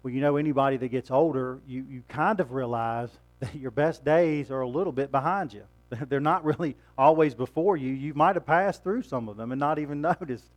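A man's voice: mid-range voice, fairly quick, few pauses. A man preaching a sermon in a conversational way, asking rhetorical questions and chuckling now and then.

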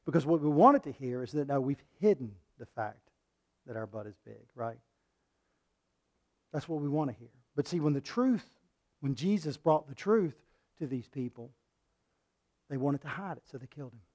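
A male preacher delivering a sermon, reading scripture and swinging between loud, forceful passages and hushed ones. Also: mid-range voice, expressive, moderate pace, long pauses. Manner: reads scripture aloud and acts out quoted lines.

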